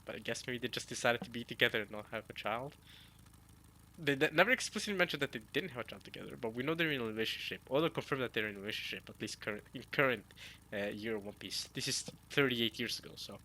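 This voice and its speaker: A young man giving casual, excitable reaction commentary on a manga chapter, slangy and full of restarts. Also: medium pitch, quick pace, a little hiss or hum.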